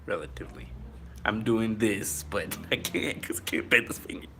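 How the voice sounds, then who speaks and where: A man's voice: on the low side, moderate pace, sharp tone, slight background noise. A man telling a story to his viewers in a casual, rambling way, full of fillers and a little out of breath. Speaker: vlogger.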